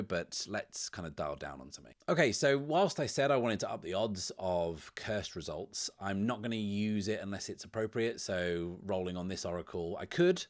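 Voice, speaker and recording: Deep-voiced man narrating a solo game. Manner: relaxed, descriptive storytelling that drifts into thinking aloud. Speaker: solo game master and host.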